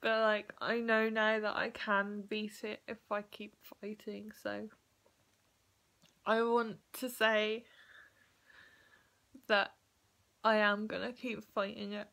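Young woman crying thru a vlog, talks slow, keeps stopping n restarting, really emotional. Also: medium pitch, little pitch movement, creaky, bright, forceful tone. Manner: emotional, tearful, halting with restarts. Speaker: vlogger. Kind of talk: personal vlog to camera. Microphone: phone or webcam recording.

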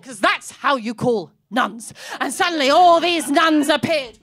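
High-voiced woman doing stand-up. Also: animated, unhurried, hardly any pauses, a bit bright. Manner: rambling, self-mocking storytelling with sudden high character voices. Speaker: stand-up comedian. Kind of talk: stand-up comedy set. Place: comedy club stage with live audience.

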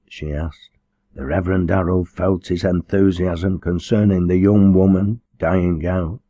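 A man reading a novel aloud in a measured, even storytelling manner. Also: low-pitched, dry recording. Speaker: audiobook reader. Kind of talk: scripted narration.

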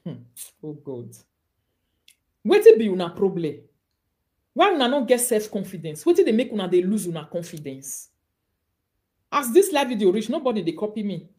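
A woman's voice: medium pitch, very animated, normal speed, pauses often, darkish tone. A woman with a Nigerian accent ranting on a live video, mocking and scolding her targets. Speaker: online commentator.

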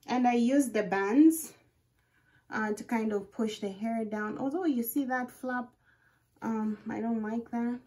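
Excitable high-voiced young woman vlogger. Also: a little slow. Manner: excitable, exclaiming, narrating her own actions to viewers. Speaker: wig review vlogger. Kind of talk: casual self-talk while doing a wig install. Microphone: phone camera.

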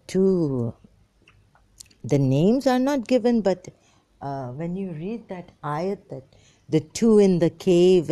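A woman's voice: fairly low pitch, dark tone, no room sound. A woman giving an informal, rambling religious talk, reading verses aloud and commenting on them with many fillers and restarts.

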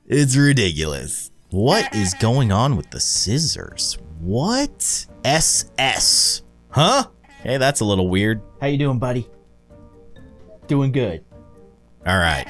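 A man in his thirties hosting a let's-play at home, excitably gasping and laughing as he comments on a scary game. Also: medium pitch. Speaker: gaming video host. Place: home with his young son nearby.

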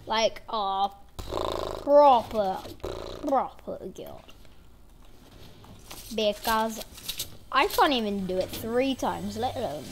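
A woman's voice: on the high side, expressive, slow pace, long pauses, noisy background. A woman giving playful, rambling commentary over her own gameplay. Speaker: gaming channel host.

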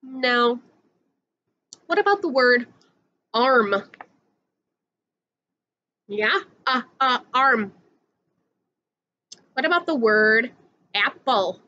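A woman's voice: fairly high pitch, animated, drawn-out words, pauses often, bright, forceful tone, lo-fi sound. A woman teacher giving a patient, sing-song phonics lesson to young children, drawing out each sound.

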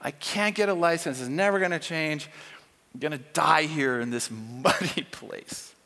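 A man's voice: on the high side, measured pace, pushed and bright, voice pushed down. A man voicing a frightened young Palestinian worker who stammers anxiously as he complains. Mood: afraid. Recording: long reverb in a church hall.

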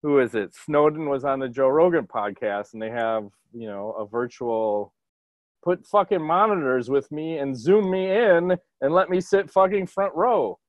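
A man hosting a casual podcast over a video call, talking in an excitable, profane and jokey way. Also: fairly high pitch, normal speed, no echo. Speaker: podcast host.

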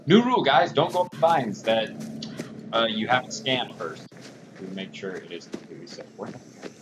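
Excitable man doing game commentary. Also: medium pitch, a little fast, background noise. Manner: excitable, jokey, talks to viewers. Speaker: gaming channel host. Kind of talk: let's-play commentary.

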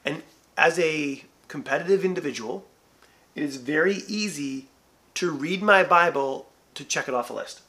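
Bright-voiced animated male pastor. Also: on the high side, moderate pace. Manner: animated, acts out imagined dialogue. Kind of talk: church devotional talk.

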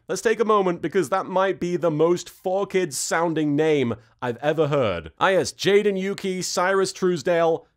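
Sarcastic high-voiced man. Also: normal speed, few pauses. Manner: sarcastic, exasperated, animated. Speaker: reaction video host. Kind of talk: comedic episode recap.

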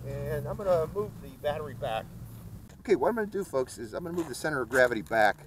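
A man's voice: on the high side, animated, fast talker, background noise. Folksy man narrating a drone flight. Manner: chatty, folksy, addresses viewers as folks. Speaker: RC hobby video host. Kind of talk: casual flight-test commentary. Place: outdoors at a flying field.

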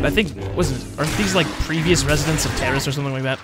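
A man's voice: a little high, fast, few pauses, over music. A tired young man rambling casually while playing a game, yawning and mocking his own stumbles. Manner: rambling, self-mocking, drowsy. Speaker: gaming channel host. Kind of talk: casual let's-play commentary.

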